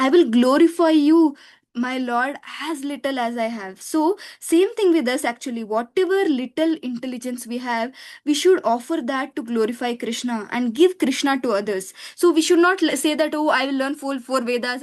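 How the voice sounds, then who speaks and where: A woman teaching a devotional class, speaking haltingly with many fillers and restarts. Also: high-pitched. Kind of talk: devotional talk with chanting.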